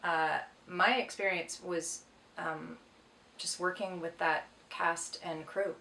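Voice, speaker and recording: A woman's voice: fairly low pitch, steady tone, takes it slowly, gravelly, bright, forceful tone, slight background noise. A middle-aged woman from Canada, an actress reading fan questions aloud and answering them in a playful, joking way. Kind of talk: casual self-recorded Q&A, reading questions aloud. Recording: echoey room, far from mic.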